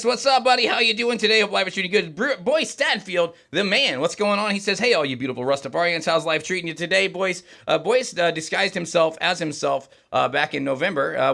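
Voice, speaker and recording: Male studio host, quick chatty rambler, slightly high voice, bright tone. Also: creaky. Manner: rambling, chatty, many fillers and restarts. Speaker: podcast host. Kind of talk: casual livestream chat. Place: recording studio.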